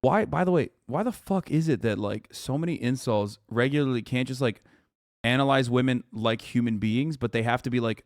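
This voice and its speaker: A male streamer rants at a clip with heavy swearing and open disbelief. His voice sits in a middle pitch range. The sound is dry and close. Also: animated, normal speed, dry recording. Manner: incredulous, profane ranting. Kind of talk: live-stream reaction commentary.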